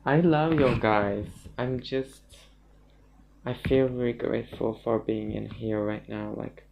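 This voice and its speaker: Slow halting man with gravelly creak. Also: mid-range voice, slight background noise. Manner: halting, rambling, swears often. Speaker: livestreamer. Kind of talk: casual livestream monologue. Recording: dull lo-fi stream audio.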